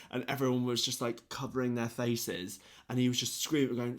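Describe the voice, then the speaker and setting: A man's voice: mid-range voice, normal speed, hardly any pauses. A young man and podcast co-host telling a story in casual chat, acting out the people he quotes. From England. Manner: animated storyteller, acts out quotes with swearing.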